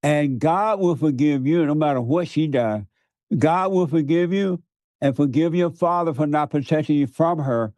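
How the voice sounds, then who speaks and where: Man, preacher in a talk, emphatic and repetitive, mellow dark tone, dry sound. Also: fairly high pitch, normal speed, no room sound. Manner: emphatic, repeats words for stress, laughs often. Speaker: guest preacher. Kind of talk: conversational preaching.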